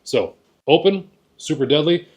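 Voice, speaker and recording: Here the goose calling instructor sounds a little high and animated but keeps a measured pace. He chats with hunters in a homespun way, repeating himself and asking "right?" as he goes. The recording is very noisy.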